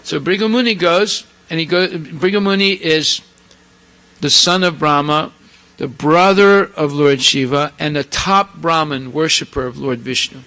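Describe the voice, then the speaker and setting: Bright-voiced man telling sermon stories. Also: on the high side, unhurried, low-quality recording. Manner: animated, acts out voices, asides to audience. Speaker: preacher. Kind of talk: storytelling sermon.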